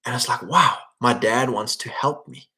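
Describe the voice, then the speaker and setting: A man's voice: medium pitch, moderate pace, bright, forceful tone. A man giving a casual, earnest sermon who urges his listeners on and acts out quoted prayers. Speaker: Christian speaker.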